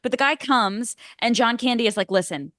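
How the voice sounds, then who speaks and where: A woman's voice: on the high side, fairly quick, bright, forceful tone, no room sound, studio quality. Casual, swearing woman podcaster. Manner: casual, swears freely, lots of "like" fillers. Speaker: podcast co-host. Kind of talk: casual movie chat.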